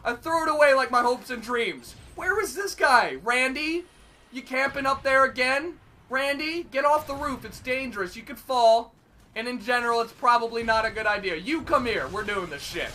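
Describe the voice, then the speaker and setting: A young man giving gameplay commentary as host, excitable, melodramatic and self-mocking. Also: very high voice, moderate pace. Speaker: gaming commentator.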